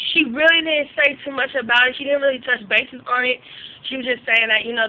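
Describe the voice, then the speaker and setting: Very bright, high-voiced blunt woman vlogger. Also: muffled recording. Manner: blunt, profane, outraged. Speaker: vlog host doing gossip reviews. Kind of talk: casual gossip commentary.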